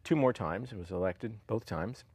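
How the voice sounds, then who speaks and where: A man's voice: fairly low pitch, normal speed, slightly rough, no room sound, clean studio sound. A man in his sixties, a former politician telling stories in an interview, acting out the voices of people he quotes. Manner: animated, acts out quoted voices and laughs often. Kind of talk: storytelling interview.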